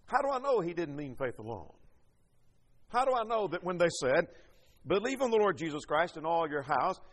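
High-voiced preacher in an echoing hall. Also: male voice, big pitch swings, moderate pace. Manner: emphatic, rhetorical questions and scripture quotes. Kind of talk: sermon.

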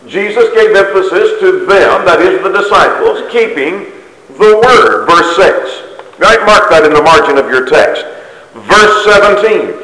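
Male preacher, high voice, emphatic measured delivery; roomy church-hall sound, long reverb. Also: animated, pushed and bright. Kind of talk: sermon. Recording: echoey hall, distant mic.

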